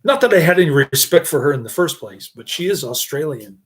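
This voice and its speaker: A man giving a casual, rambling movie review, slow and halting, often laughing at his own jokes. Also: fairly high pitch, expressive.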